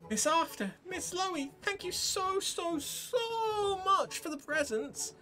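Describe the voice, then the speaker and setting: A woman's voice: extremely high pitch, animated, slow pace, a bit bright, pitched above the performer's own voice, heavily acted. A woman voicing an overjoyed little girl who loves dragons, gushing and squealing as she reads game dialogue aloud. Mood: excited.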